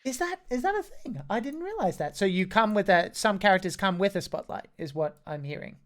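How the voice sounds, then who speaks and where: A woman's voice: mid-range voice, lively intonation, a little fast. A woman running a tabletop game as game master, chatty and easygoing, with many fillers. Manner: chatty, hesitant with fillers, laughs easily.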